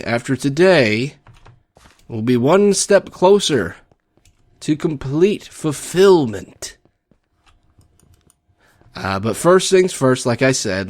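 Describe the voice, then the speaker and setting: A man's voice: mid-range voice, darkish tone. Chatty young Texan man gaming. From Texas. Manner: rambling, wry and chatty. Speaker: let's play gamer. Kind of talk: casual gameplay commentary.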